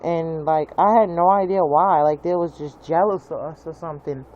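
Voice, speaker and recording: A man's voice: a little high, normal speed, muffled recording. A young man in a profane, rambling rant about his neighbors, peppered with "like". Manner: profane, rambling, heavy use of "like". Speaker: vlogger. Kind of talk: rambling angry rant to camera.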